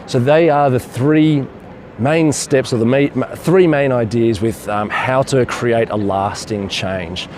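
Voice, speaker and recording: A man's voice: mid-range voice, takes it slowly, a little mellow, a little hiss or hum. A man vlogging outdoors and telling a story in an enthusiastic, rambling way. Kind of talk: casual storytelling to camera.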